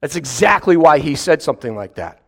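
A man preaching a sermon in an animated way, acting out mock voices and firing rhetorical questions. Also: a little high, fairly quick, gravelly.

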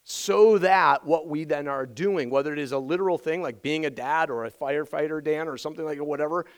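A pastor preaching with a notably high voice and plenty of energy. He drives his points home by repeating key phrases, and his voice sounds a little strained from shouting the day before. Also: fairly quick, smooth, rough recording. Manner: energetic, emphatic repetition. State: voice strained from yelling. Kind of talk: sermon.

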